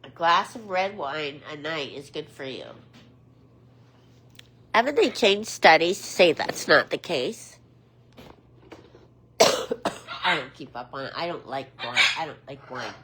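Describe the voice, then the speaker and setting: A woman hosting a casual livestream with her pet parrots, chatting with viewers and switching to high, sing-song baby talk for her birds. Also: lively intonation, slow, pauses often. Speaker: pet parrot channel host. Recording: loud background noise with bird clicks.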